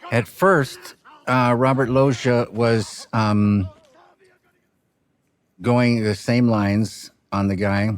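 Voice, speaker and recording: A film director speaking reflectively in an interview, halting and soft-spoken, with frequent restarts and trailing pauses. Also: male voice, mid-range voice, fairly even intonation.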